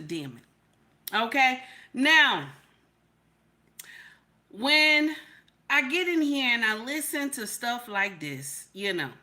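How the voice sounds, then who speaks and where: A woman reacting on a livestream in animated, exclamatory talk, repeating "okay?" often. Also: fairly high pitch. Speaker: livestream host. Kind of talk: casual reaction commentary.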